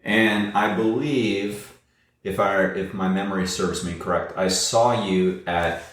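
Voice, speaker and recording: A man hosting a podcast talks in a chatty, meandering way and stops often on uhs. His voice is very deep, and it carries a clear echo from the room. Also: steady tone, slow pace, a bit bright. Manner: chatty, rambling, many uhs. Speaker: podcast host and running coach. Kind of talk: podcast interview.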